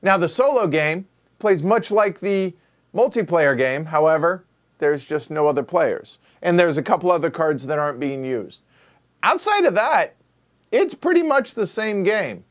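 Chatty man hosting a game stream, slightly high. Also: very animated, measured pace. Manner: chatty, rambling, restarts lines; folksy, says y'all. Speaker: board game show host. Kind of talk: casual live-stream intro chat.

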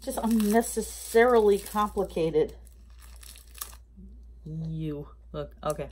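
A woman's voice: mid-range voice, animated, takes it slowly, a little mellow, a little hiss or hum. Chatty woman vlogger reviewing a haul. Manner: chatty, rambling, thinking aloud; talks with mouth full of candy. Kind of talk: casual product review.

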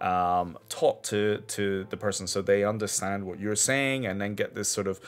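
A man presenting a screen-share technology demo, explaining in a halting way that restarts and repeats words. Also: fairly low pitch, steady tone. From Scotland.

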